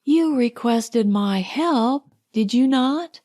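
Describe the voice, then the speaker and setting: A woman playing a proud young society woman, sharp-tongued, deliberate, slow, higher voice, audiobook. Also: lively intonation. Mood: cool, chiding. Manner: crisp and pointed, slow distinct delivery.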